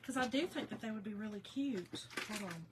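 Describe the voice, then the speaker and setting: A woman's voice: mid-range voice, animated, brisk, heavy background noise. A woman chatting casually with her viewers while she crafts on a livestream, laughing often.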